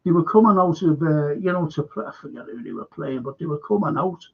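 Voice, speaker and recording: An older man hosting a casual chat, talking haltingly with many fillers and restarts. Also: a little high, animated, gravelly, slightly rough. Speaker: host. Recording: dull lo-fi sound.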